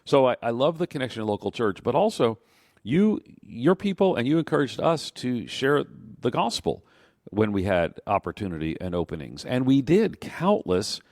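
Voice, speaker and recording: A man hosting a radio interview, asking questions in an animated way and often repeating words. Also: mid-range voice, normal speed, dry recording, studio quality. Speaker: radio show host. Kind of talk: conversational interview.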